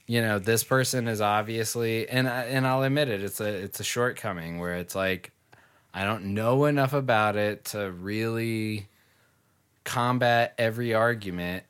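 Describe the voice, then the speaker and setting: A man's voice: fairly low pitch, fairly bright tone, smooth. A man in casual conversation who argues heatedly, swears freely and fills his speech with "like". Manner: heated, swears, many "like" fillers. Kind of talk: casual chat.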